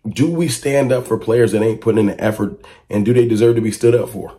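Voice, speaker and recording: A man giving casual fan commentary to camera, talking emphatically and asking a stream of rhetorical questions. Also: a little fast. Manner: rises to excited high-pitched exclamations when reacting to clips.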